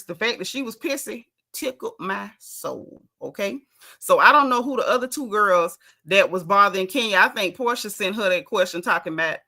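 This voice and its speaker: A woman, chatting sassily and animatedly as she recaps a reality TV episode. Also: mid-range voice. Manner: sassy, animated, mimics cast members' quotes. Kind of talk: casual reality TV recap chat.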